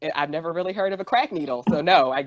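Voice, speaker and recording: A woman's voice: low-pitched, rapid-fire, dull audio. A woman co-hosting a podcast, recapping a TV episode in casual chat, laughing often and acting out the characters' lines. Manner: laughs often, acts out quotes in voices. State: out of breath. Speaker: podcast co-host.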